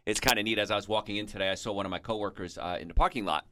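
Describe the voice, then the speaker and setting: Speaking very fast, this man hosts a chatty radio health program, slipping into anecdotes and side comments as he explains. His fairly low voice is bright and forceful, captured on a studio mic with no echo.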